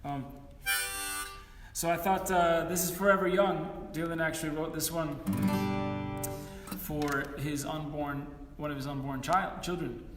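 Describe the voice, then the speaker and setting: A man's voice: fairly high pitch, steady tone, unhurried, echoey room, long reverb tail, far from the mic, loud music behind the voice. A man in his forties, a musician chatting between songs at an online concert, rambling and self-deprecating with many fillers. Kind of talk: casual chat between songs.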